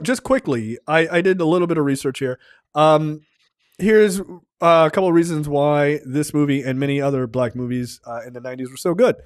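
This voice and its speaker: A brash, joking man with a higher voice. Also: dry recording, studio quality. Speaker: podcast co-host. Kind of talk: casual chat.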